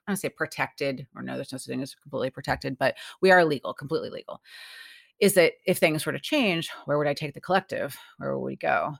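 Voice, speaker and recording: A woman chatting casually as a podcast guest, telling lively stories and acting out the people she quotes. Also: low voice, vocal fry. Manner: animated, acts out quoted voices. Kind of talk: casual storytelling chat.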